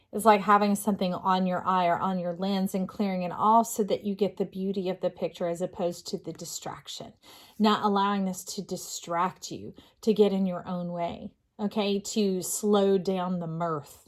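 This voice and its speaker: A middle-aged woman doing a casual tarot reading, earnest and rambling, with restarts and fillers. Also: lowish voice. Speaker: tarot reader.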